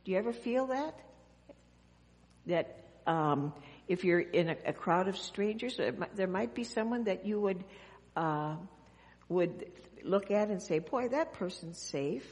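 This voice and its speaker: A woman pastor giving a children's message in church, speaking gently and asking the children questions as she goes. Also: mid-range voice, lively intonation, unhurried, long pauses. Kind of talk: children's sermon. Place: church sanctuary. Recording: long church reverb.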